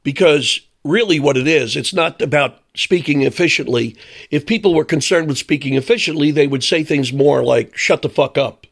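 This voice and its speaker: A man's voice: on the high side, normal speed, creaky. An older man delivering a blunt, sarcastic, profane ranting monologue. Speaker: commentator.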